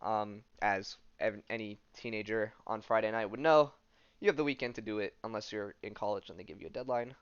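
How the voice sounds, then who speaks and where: A man of mid pitch talks casually as a podcast host, wandering through a comic book recap with plenty of fillers. His voice is smooth and clear. The recording is dry, with a muffled, lo-fi edge. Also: a little fast, no room sound. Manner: rambling, loose delivery full of fillers.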